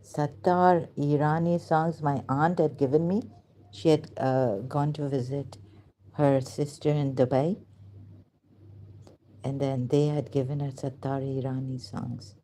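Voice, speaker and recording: A woman's voice: low-pitched, level tone, measured pace, warm tone. A woman in her fifties from Pakistan telling a meandering personal story, searching for words, laughing and apologizing often. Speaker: channel host. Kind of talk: rambling personal storytelling to camera.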